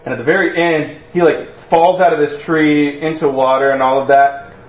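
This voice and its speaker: Male preacher, slightly high voice, loose storytelling delivery, dull recording. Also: steady tone, normal speed. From Texas. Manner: conversational and storytelling, with many restarts and acted-out quotes. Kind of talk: sermon.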